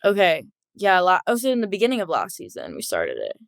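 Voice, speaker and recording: A young woman of twenty from Los Angeles sits as a podcast guest, her voice smooth and resonant. She giggles a lot and strings her thoughts together with plenty of "like", relaxed and chatty. The sound is close and dry. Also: fairly low pitch, fairly quick, no echo. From Los Angeles, USA. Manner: giggly, laughs often, heavy use of "like". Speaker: guest footballer. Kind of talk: casual podcast interview.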